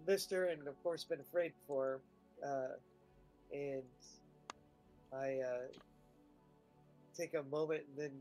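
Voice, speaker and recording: A man voicing his character in a tabletop game, describing his actions in a slow, halting way with many hesitations. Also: a little high, steady tone, darkish tone, faint music behind, rough recording. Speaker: player. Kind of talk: in-character tabletop role-play.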